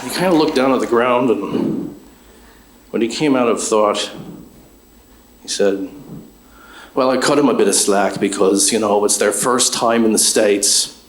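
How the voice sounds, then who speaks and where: A man's voice: lowish voice, a little slow, long pauses. Man, stand-up comic, dry conversational delivery, live club stage, roomy echo. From Chicago. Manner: dry, conversational storytelling with asides to the crowd. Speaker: stand-up comedian. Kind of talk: stand-up comedy set.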